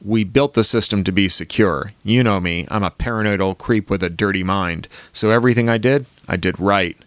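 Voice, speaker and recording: A man's voice: on the low side, a little fast, fairly bright tone, dry recording, lightly acted. A man voicing a wry, paranoid middle-aged tech founder in an audiobook reading.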